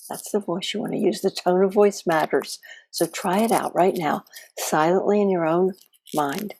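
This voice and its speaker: Gentle woman guiding a mindfulness exercise. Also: fairly low pitch, creaky, slightly rough, no echo, rough recording. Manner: gentle, slow, soothing guidance. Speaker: chaplain leading a guided practice. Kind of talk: guided mindfulness instruction.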